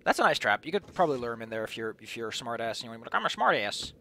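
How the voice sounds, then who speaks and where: A man's voice: medium pitch, animated, very fast, sharp tone. A young man streaming a video game, rambling in sarcastic, casual commentary that is full of swearing. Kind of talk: casual let's-play commentary.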